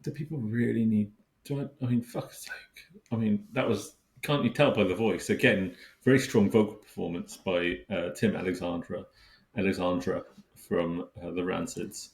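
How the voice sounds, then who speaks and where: Man, gravelly low voice, dry sardonic remarks, hesitant, roomy echoey sound. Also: fairly even intonation, moderate pace. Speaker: podcast co-host. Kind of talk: casual chat. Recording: roomy echo.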